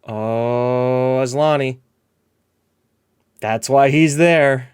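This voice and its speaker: A man chatting casually over his own gameplay, rambling through his thoughts and breaking into excited shouts when the action heats up. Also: medium pitch, drawn-out words, clean tone. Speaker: gameplay commentator. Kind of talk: casual let's-play commentary.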